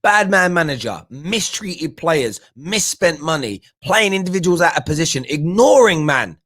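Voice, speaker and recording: Young fan-show host, raised voice, wildly swinging delivery, blunt slangy ranter. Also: male voice, a little high, sing-song, moderate pace, fairly bright tone. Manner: ranting, fired-up and blunt, slangy. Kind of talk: heated live fan talk show rant.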